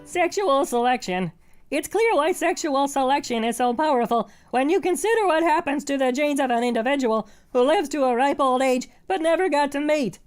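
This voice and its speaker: Computer voice as a creepy bear reading out textbook stuff, high and even. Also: normal speed, faint music behind, lightly acted. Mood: flat.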